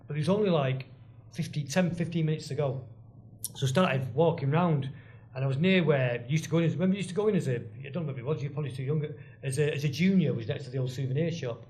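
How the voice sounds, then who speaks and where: A man talks at a quick clip, his voice sitting a little higher than most men's. He tells his stories in a loose, rambling way, stopping and restarting his sentences and wandering into asides. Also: a little mellow. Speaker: guest, former band drummer. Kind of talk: casual anecdotal chat.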